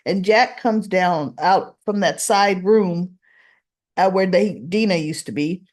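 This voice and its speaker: Slow-talking woman recapping a soap. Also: lowish voice. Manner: animated, acts out characters' lines in quotes. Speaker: soap opera recap host. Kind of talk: casual recap monologue.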